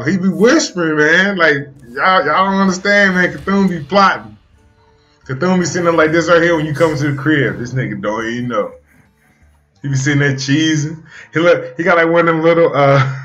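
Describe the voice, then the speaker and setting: A young man streaming a card game, riffing in an animated, profane, storytelling banter. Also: on the high side, highs cut off. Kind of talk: comedic riffing while playing a card game.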